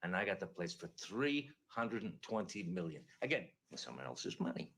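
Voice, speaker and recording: A man playing a brash tycoon in an improvised comedy sketch, boastful and quick to cut others off. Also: sits low, very animated, vocal fry, a bit bright, slightly rough, rough recording.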